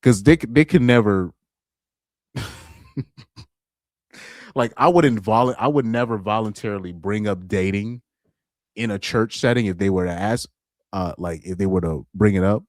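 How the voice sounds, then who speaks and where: This is a man doing casual livestream commentary. His voice is low and deep, with a villainous edge he jokes about himself. He drifts between laughs and half-finished thoughts, recorded close and dry. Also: moderate pace, long pauses, no room sound. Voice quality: deep voice he calls super villain-like. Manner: laid-back, laughs often, trails off and restarts. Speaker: reaction streamer.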